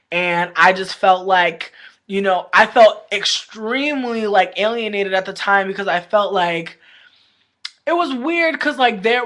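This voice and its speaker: A woman's voice: lowish voice, a bit bright. A woman vlogger in casual livestream chat, talking candidly with lots of slang, swearing and rambling fillers. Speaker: vlogger reviewing a reality show.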